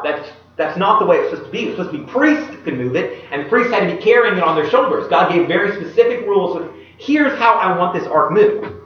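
A man preaching a sermon, retelling a Bible story in an animated way and putting questions to his listeners. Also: high voice. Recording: echoey, distant, dull room recording.

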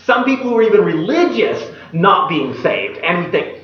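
A man preaching a sermon, retelling a Bible story in an animated way and putting questions to his listeners. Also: high-pitched, moderate pace, soft background music. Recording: echoey, distant, dull room recording.

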